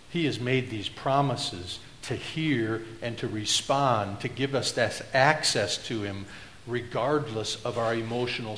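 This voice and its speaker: Preacher man in a roomy church. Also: a little hiss or hum. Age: middle-aged. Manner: swings from loud declaring to low confiding asides. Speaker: pastor. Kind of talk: sermon. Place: church sanctuary.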